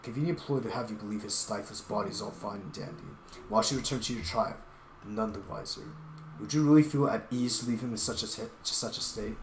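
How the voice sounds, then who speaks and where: A man's voice: on the low side, quick pace, slight background noise, close to an everyday voice. A man doing a furious scornful lecturer. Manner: loud, biting, scornful. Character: furious stern lecturer scolding a naive ally. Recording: roomy echo with game music.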